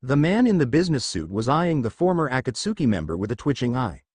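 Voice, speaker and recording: A man narrating a fan fiction story in an expressive storytelling voice. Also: medium pitch, fast, husky, dry recording.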